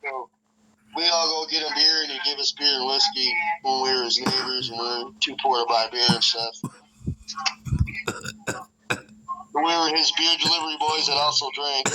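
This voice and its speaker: A man's voice: flat delivery, moderate pace, over a noisy crowd, poor audio. A man hosting a podcast, telling a rambling, profane story from northern Michigan in a loose, casual way. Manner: rambling, profane, acts out voices with big jumps in pitch. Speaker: podcast host.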